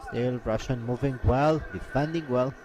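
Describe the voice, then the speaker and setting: A man commenting live on a combat sports event, with a halting delivery full of "uh" fillers. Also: medium pitch, a little mellow, low-quality recording.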